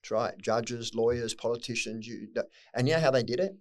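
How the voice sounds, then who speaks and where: Here a middle-aged Australian man, appearing as a podcast guest, recounts his life in a mid-range voice at a slightly fast clip. It's candid storytelling: blunt, full of swearing, and occasionally emotional.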